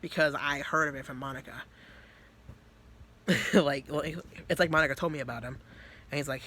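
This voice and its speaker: A man recounting a story in a loose, rambling way, tripping over restarts and laughing as he goes. His voice sits a little high, with a faint hiss of background noise. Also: steady tone, moderate pace, pauses often, bright, forceful tone. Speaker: youtuber. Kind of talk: casual storytelling.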